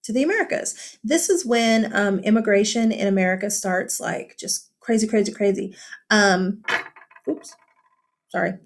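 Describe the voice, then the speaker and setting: A woman's voice: medium pitch, moderate pace. A woman teacher talking through a vocabulary lesson in a casual, chatty way, with many fillers and tag questions. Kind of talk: recorded classroom lesson.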